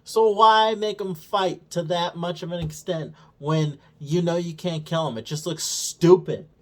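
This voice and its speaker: A man's voice: high voice, a little slow. A man co-hosting a review show, recapping episodes in a casual, sarcastic way, swearing constantly and mockingly acting out the characters' lines. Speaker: show co-host reviewing a TV series.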